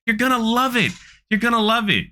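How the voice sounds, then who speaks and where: A man voicing a whiny, mocking male company spokesman in a high, sneering, sing-song tone. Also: lively intonation, a little fast, pushed and bright, heavily acted.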